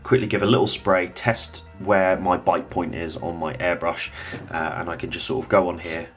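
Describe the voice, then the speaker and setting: A man giving a relaxed, rambling hobby painting tutorial, thinking aloud as he works. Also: low-pitched, moderate pace, faint music behind.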